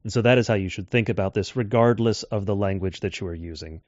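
A man giving a measured lecture on scripture translation, slowing down to quote texts. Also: lowish voice, darkish tone, dry recording. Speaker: Bible teacher. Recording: dull dry lo-fi audio.

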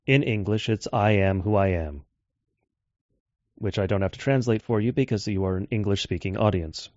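A man giving a measured lecture on scripture translation, slowing down to quote texts. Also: on the low side, darkish tone, no room sound. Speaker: Bible teacher. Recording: dull dry lo-fi audio.

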